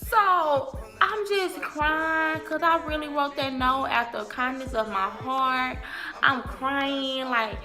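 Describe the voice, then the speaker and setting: A young woman vlogger telling a casual storytime, animated and slangy, cursing freely. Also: sits high, takes it slowly, faint music behind.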